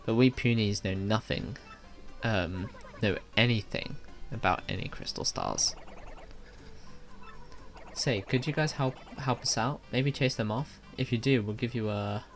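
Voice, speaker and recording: A man's voice: lowish voice, sing-song, a little slow, vocal fry, faint music behind, heavily acted. A man voicing a small, frightened young male puni creature who talks in a jumpy, pleading way in a video game.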